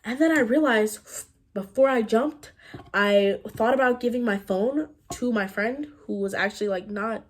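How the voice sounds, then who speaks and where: A teenage girl telling a personal storytime in a chatty, animated way, full of "like" and quick laughs. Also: on the high side. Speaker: vlogger. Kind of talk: storytime vlog.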